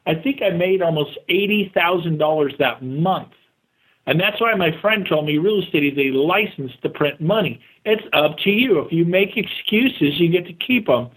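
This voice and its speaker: A man talking as a guest in an interview, energetic and motivational, speaking in quick bursts and acting out the voices of the people he quotes. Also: fairly high pitch, poor audio. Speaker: real estate agent and guest. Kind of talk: casual interview talk.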